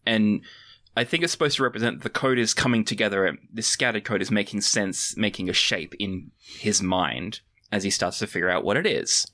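A man's voice: on the low side, brisk, sharp tone. A man, a podcast guest, recapping a movie plot in earnest detail. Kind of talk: casual movie-review chat.

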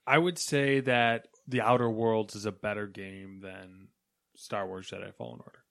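A man's voice: on the low side, fairly even intonation, moderate pace, gravelly, a bit bright, dry recording, clean studio sound. A man co-hosting a podcast in laid-back casual chat. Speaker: podcast co-host.

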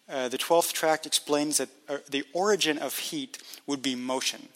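A man's voice: a little high, moderate pace, a bit bright, in a large hall. A man co-hosting a casual history podcast, explaining at length with frequent restarts. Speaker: podcast co-host.

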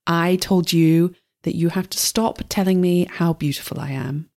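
A woman's voice: lowish voice, steady tone, normal speed, darkish tone, lightly acted. A woman voicing a prim, haughty female dance instructor. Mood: scolding.

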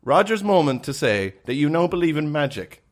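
A man's voice: on the high side, sing-song, a little fast. A man co-hosting a podcast, firing off sarcastic, skeptical questions in casual comic banter. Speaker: podcast co-host.

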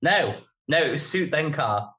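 A man's voice: fairly high pitch, animated, measured pace, pushed and bright. A man co-hosting a casual podcast chat, chiming in with short, joking remarks. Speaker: podcast co-host.

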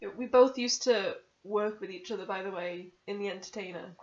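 Teasing young woman on a podcast. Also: mid-range voice. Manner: quick-witted, teasing, chatty. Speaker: podcast co-host. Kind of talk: casual chat. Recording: slightly dull lo-fi sound.

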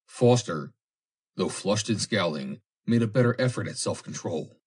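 A man reads a story aloud in a low, husky voice, narrating at a measured pace. His tone moves lively between phrases. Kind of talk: audiobook reading.

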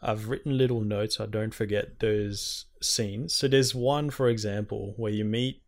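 A man's voice: on the low side, normal speed. A young man in casual chat, retelling game scenes animatedly and swearing a lot. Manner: animated, swearing, quoting characters in exaggerated voices.

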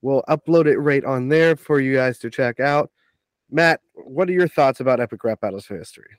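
A man co-hosting a casual podcast, talking in a relaxed way and addressing the listeners directly. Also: medium pitch, a little fast, dry recording. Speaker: podcast co-host.

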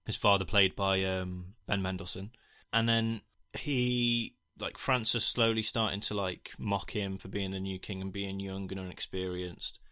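A man's voice: low-pitched, little pitch movement, a little slow, hardly any pauses, bright, forceful tone, clear, resonant tone, no room sound, clean studio sound. A man co-hosting a casual film review chat, rambling with jokey asides and casual swearing. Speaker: podcast co-host.

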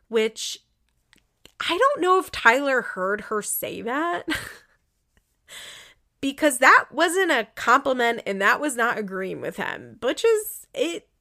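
Chatty opinionated woman with a gravelly edge. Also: a little high, sing-song, slow pace, pauses often, pushed and bright. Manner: rambling, chatty, lots of "like" fillers; indignant, opinionated. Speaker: reality TV recap podcaster. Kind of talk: casual recap commentary.

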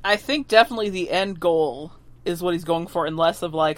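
A woman's voice: lowish voice, fairly quick. A woman co-hosting a podcast in casual chat, retelling TV scenes and acting out the characters' lines. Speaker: podcast co-host recapping a TV episode.

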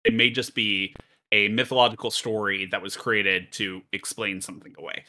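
A man with a bright, forceful voice explains a game's setting in relaxed podcast chat. He laughs easily and fills pauses with ums and uhs. He sounds clear and close to the mic. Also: on the low side. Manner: laughs often, explains at length with fillers. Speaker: game master and podcast co-host. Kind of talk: casual podcast chat and game narration.

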